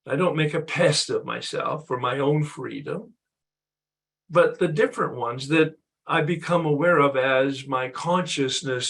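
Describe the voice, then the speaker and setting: A man leading an online recovery workshop, sharing his own experience in a reflective way before opening the floor for questions. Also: fairly high pitch. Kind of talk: reflective talk to an online group.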